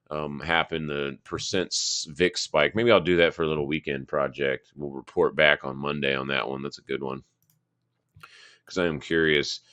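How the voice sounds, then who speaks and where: A man's voice: a bass voice, fairly bright tone, no echo. A man hosting a live market analysis stream, rambling casually and thinking aloud while he reads charts.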